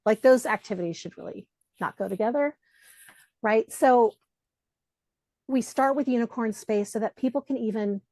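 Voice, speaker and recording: A middle-aged woman, a coach and guest, chatting in a casual interview, telling animated stories, acting out quoted voices and swearing freely. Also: mid-range voice, no echo.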